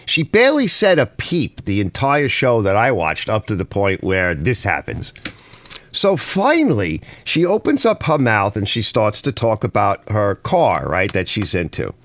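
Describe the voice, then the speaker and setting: A middle-aged man hosting a casual garage live stream, chatty and animated, calling his viewers fellas. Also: unhurried, no echo. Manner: animated, swings from muttering low to shouting high.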